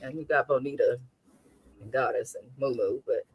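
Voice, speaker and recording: A woman's voice: a bass voice, moderate pace, breathy edge, muffled recording. A woman from Oakland, California giving a blunt, sassy recap of a reality TV episode in casual chat. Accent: African American Vernacular English speaker from Oakland. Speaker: reality TV review host.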